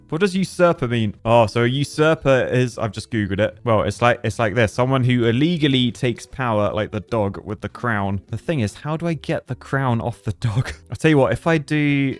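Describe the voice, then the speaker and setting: Brief: playful young gamer, chatty commentary, faint music bed. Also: male voice, mid-range voice. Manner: chatty, laughing, jumps into silly character voices. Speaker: gaming youtuber. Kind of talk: playful let's-play commentary.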